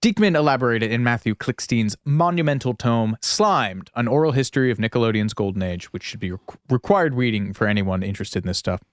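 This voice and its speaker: A man's voice: medium pitch, fairly quick, hardly any pauses, no room sound, clean studio sound. A man co-hosting a podcast in casual chat, rambling and riffing with lots of "like" and some swearing. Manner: laughs at his own jokes. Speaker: podcast co-host.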